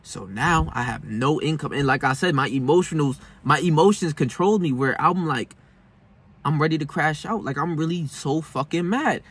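A man's voice: a little high, moderate pace, fairly bright tone, slightly rough. A young man vlogging a personal story in casual, profane street slang, shifting between heated and subdued. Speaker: self-help vlogger.

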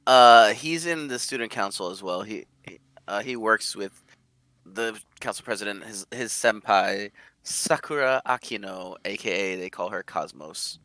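Man, forceful bright voice, dry close sound, podcast co-host, explanatory casual chat. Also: on the low side, a little slow, no room sound. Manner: explanatory, fills in names and background details. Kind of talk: casual chat about anime.

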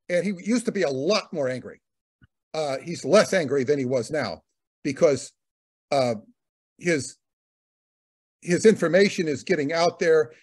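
A man's voice: fairly high pitch, animated, measured pace, pauses often, a little mellow, husky. A man co-hosting a talk, rambling in casual commentary, often repeating words and using fillers. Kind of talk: conversational commentary.

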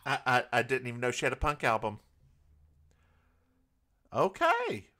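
Southern man, comedy podcast co-host, slow drawl, bright tone, teasing. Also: medium pitch, wildly swooping pitch. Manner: teasing, stammering restarts, playful. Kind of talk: casual comedic chat.

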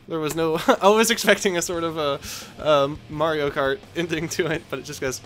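A man with a Texan accent giving let's play commentary, excitable and yelping at crashes, rambling in self-deprecating asides. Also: a little high, normal speed, soft background music, poor audio. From Texas. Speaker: gaming video host.

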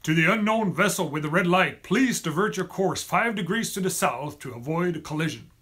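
A man voicing a stern navy captain who insists and shouts commands in a husky voice. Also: high voice, animated, fairly quick, exaggerated voice.

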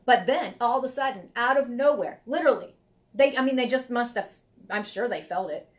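A woman's voice: a little high, lively intonation, fairly quick. A woman giving a live tarot reading, talking in a rambling, heartfelt way and often repeating herself. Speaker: tarot reader.

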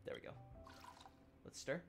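A man's voice: normal speed, soft background music. A man streaming a game, chatting casually with his viewers while he plays. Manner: chatty, talks to chat while playing. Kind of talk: casual let's-play commentary.

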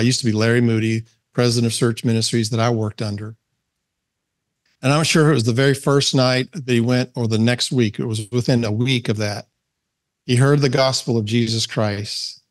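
A man leading a men's Bible study, telling a story with animation and then praying slowly. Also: mid-range voice. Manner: animated storyteller, slows down to pray. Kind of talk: storytelling talk and closing prayer.

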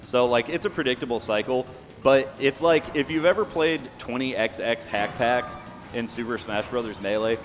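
A young man casually explaining his own speedrun as he plays, relaxed and full of fillers. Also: mid-range voice. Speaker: speedrunner commentating his run. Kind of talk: casual live commentary. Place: event venue. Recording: long hall reverb, faint background noise.

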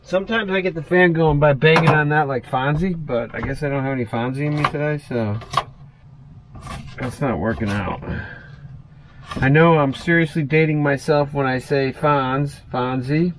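A man's voice: fairly high pitch, moderate pace, very noisy. A man vlogging while cooking in a small motorhome kitchen, talking in a laid-back, folksy way to his viewers. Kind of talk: casual chat to camera. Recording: guitar music playing underneath. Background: guitar music.

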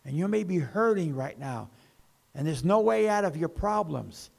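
A man preaching a sermon as pastor, with slow emphasis that rises and falls. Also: on the high side, animated, gravelly.

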